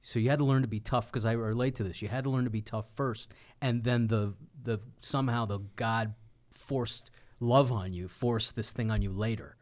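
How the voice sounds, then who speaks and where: A man's voice: medium pitch, fairly even intonation, normal speed, a little mellow. A man co-hosting a casual comedy podcast, chatty and self-deprecating.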